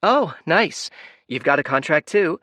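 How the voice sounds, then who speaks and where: A man's voice: a little high, lively intonation, measured pace, bright, forceful tone, no echo, pitched above the performer's own voice. A man voicing a cheerful, oblivious young woman who talks in a breezy, upbeat way.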